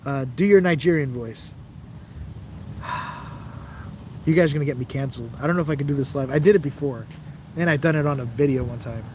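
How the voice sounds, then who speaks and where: A man's voice: mid-range voice, a little fast, pauses often, a little mellow, a little hiss or hum. A man hosting a casual livestream, rambling and laughing as he answers viewers' chat messages while standing outdoors beside a building. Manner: rambling, chatty, laughs often. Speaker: livestream host reading chat. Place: outdoors by a building's glass, out of the wind.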